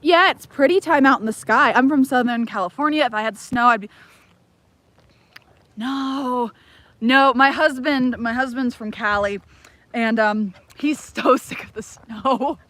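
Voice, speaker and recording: A woman's voice: on the high side, unhurried, fairly bright tone. A woman from Ohio chatting casually on a livestream, rambling and easily distracted, talking to her dogs as she walks her homestead. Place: outdoors on a homestead.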